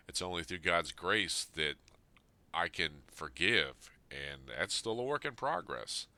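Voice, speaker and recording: Deep, sharp-toned man in his fifties. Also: smooth, no room sound. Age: 50s. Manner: earnest, plain-spoken, reflective. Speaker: podcast host. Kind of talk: reading a personal letter aloud, then reflective talk.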